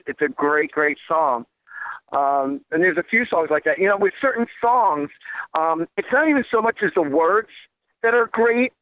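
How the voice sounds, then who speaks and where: A man's voice: a little high, dry recording. Chatty New Jersey man on tinny radio. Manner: rambling, chatty, many fillers and restarts. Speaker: radio host. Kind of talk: casual radio monologue. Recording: tinny phone-like radio line.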